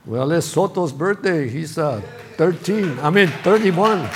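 Gravelly middle-aged pastor preaching. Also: male voice, fairly high pitch, lively intonation, unhurried, noisy background. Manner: preaching with rising bursts of emphasis and humor. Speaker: senior pastor. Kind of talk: sermon. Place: church sanctuary.

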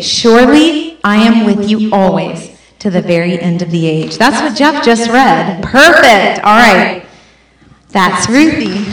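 A woman leading a church baptism, speaking affectionately and encouragingly into a handheld microphone. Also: on the high side. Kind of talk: warm church address to a congregation. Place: large echoey church hall. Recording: very echoey hall from a distance.

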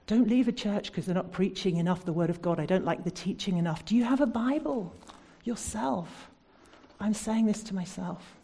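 A woman from the United Kingdom delivers a sermon in a mellow, slightly husky voice. She puts earnest, searching questions to her listeners and softens into a prayerful tone when she leads them in prayer. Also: medium pitch, moderate pace. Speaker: preacher.

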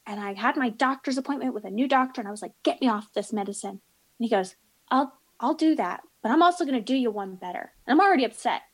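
A woman telling stories in casual podcast chat, animated and acting out the people in them. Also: a little high, quick pace, low-quality recording.

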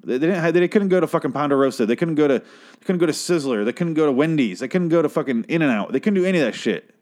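A man's voice: fairly high pitch, lively intonation, fast talker, darkish tone. A man hosting a podcast who delivers an exasperated, heavily profane comedic rant and keeps breaking off to apologize. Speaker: podcast host.

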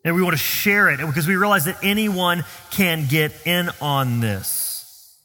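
Southern guy preaching, earnest and emphatic, bright tense voice, big echoey church. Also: a little high. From Southern United States. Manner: earnest, emphatic, slows down on key phrases. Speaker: pastor. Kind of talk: sermon. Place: church sanctuary.

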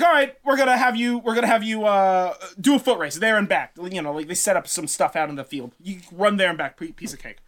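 Slangy animated male storyteller. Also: high-pitched. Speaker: podcast host. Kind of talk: casual storytelling.

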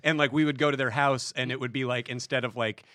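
A man chatting casually, reflective and halting, often restarting his sentences. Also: mid-range voice, fairly even intonation, pushed and bright, no echo, clean studio sound. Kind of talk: casual chat.

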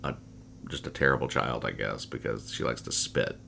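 Host, male, very low pitch, bright forceful tone, wry rambling comic-strip chatter. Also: moderate pace, creaky, a little hiss or hum. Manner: wry, rambling, trails off quietly after jokes. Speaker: podcast host reading comics. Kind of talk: casual comic-strip reading chat.

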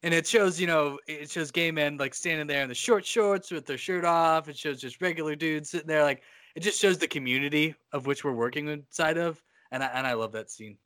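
A man's voice: a little high, fairly quick, few pauses, fairly bright tone, no room sound. A man co-hosting a podcast who talks in a loose, rambling way, swearing casually as he discusses a film. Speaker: podcast co-host.

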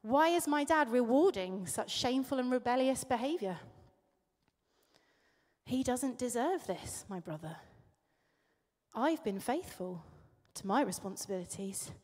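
A hurt older son complaining bitterly about how unfairly he has been treated, voiced by a woman preacher. The voice is high-pitched, with a long hall reverb trailing behind every phrase of the sermon. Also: expressive, unhurried, darkish tone. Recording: echoey hall.

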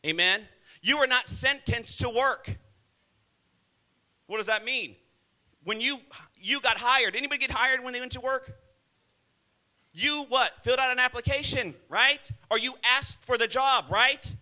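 With a very high-pitched, sharp voice, a male pastor preaches a little slowly, leaving long pauses. His church sermon is blunt and scolding, and he often calls out to the congregation for an "amen."

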